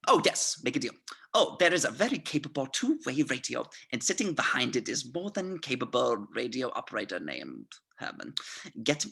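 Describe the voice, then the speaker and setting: A script reader voicing a cunning, smooth-talking male SS colonel in a theatrical, mock-polite way, swinging between hushed and loud. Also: mid-range voice, heavily acted. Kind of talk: amateur script reading.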